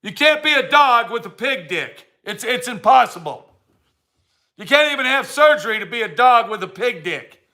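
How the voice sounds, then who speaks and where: A man's voice: very high voice, expressive, normal speed, sharp tone. A man delivering a heated, blunt ranting monologue to camera, repeating his points for emphasis. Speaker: vlogger.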